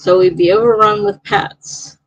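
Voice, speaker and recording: A woman's voice: mid-range voice, fairly even intonation, unhurried, highs cut off. A woman hosting a live stream, chatting casually and reading out viewer comments in a rambling way.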